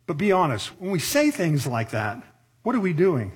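Middle-aged male pastor, breathy husky voice, pitched a bit high, chatty preaching style with rhetorical questions. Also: wildly swooping pitch, moderate pace. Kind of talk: sermon.

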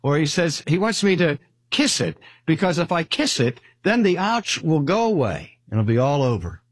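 A husky-voiced older man delivers an earnest sermon. His pitch swings widely as he presses each point, and he draws the important phrases out slowly. The sound is close and dry. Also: very animated, no echo. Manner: earnest, slowing down to stress key phrases. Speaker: preacher.

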